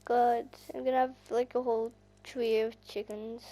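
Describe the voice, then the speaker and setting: A woman with an Irish accent giving rambling, chatty gameplay commentary that bursts into excited squeals. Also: fairly high pitch, moderate pace. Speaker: gaming channel host.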